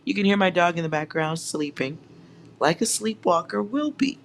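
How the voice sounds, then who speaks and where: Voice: mid-range voice, normal speed, slight background noise. A tarot reader giving a collective reading at home, speaking straight to viewers in a teasing, sarcastic way and laughing often.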